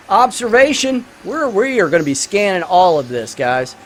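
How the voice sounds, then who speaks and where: A man's voice: high voice, sing-song, normal speed. A man hosting a gaming channel, giving rambling, enthusiastic let's-play commentary full of fillers while he reviews a film.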